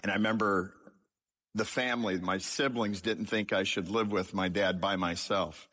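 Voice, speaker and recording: A man's voice: on the low side, fairly even intonation, moderate pace, pushed and bright. A man giving a sermon-style testimony about his childhood, telling it with humour and poking fun at himself. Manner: humorous, self-deprecating storytelling. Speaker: speaker sharing his life story.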